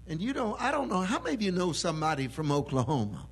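A man preaching a sermon with emphatic delivery that swells into loud proclamation. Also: a little high, big pitch swings, fast talker, hardly any pauses, slight background noise.

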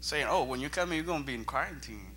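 Man, missionary guest, earnest preacherly testimony, vivid bright tone over faint music. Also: medium pitch, lively intonation, fast talker. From Botswana. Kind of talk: church testimony.

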